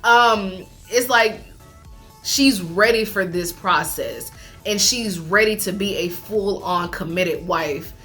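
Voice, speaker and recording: A woman chatting casually as she recaps a reality show, animated, laughing often and talking with lots of fillers. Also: mid-range voice, takes it slowly, faint music behind.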